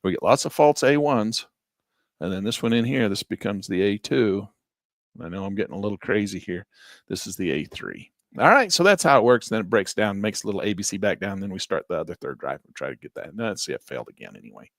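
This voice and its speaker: Guy running a live trading class, folksy and animated, pitch jumping all over, dry close sound. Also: fast, no room sound. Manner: animated, folksy, acts out traders in quoted voices. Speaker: trading instructor.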